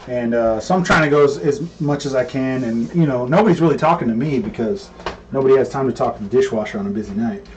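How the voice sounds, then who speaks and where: A man and cook, co-hosting and telling a story in a relaxed, rambling way with plenty of fillers. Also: mid-range voice, fast, slight background noise. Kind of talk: casual storytelling. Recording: distant mic with faint room ambience.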